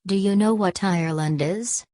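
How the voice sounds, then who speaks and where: Lady reading a cold defiant young student guy, deep low voice, dry close sound. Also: moderate pace, darkish tone, no echo, natural voice. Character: proud, aloof young male student.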